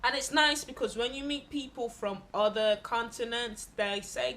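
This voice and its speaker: Bright-voiced candid woman vlogger. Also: fairly high pitch, normal speed, a little hiss or hum. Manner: candid and expressive, acting out other people in her stories; blunt, swears freely. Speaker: travel vlogger. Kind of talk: casual travel vlog storytelling.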